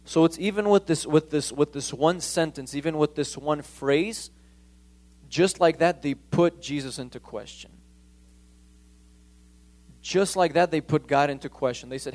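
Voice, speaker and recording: A man's voice: fairly high pitch, normal speed, a little mellow. A man preaching a sermon in a church, emphatic, often stumbling and restarting his phrases. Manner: emphatic, with frequent stammered restarts.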